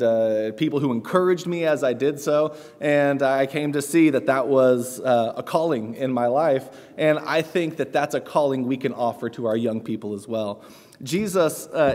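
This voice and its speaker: Man preaching a sermon in a reverberant church. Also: mid-range voice. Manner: earnest, warm storytelling with light laughs and fillers. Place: church sanctuary. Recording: long church hall reverb.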